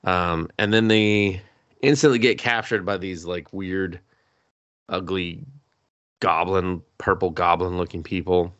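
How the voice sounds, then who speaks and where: Guy on a podcast going through an anime plot, lowish voice, swears a lot, jumps into voices. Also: no room sound, highs cut off. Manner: animated retelling with quick voiced quotes and laughs; swears casually. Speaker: podcast co-host. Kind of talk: casual anime recap chat.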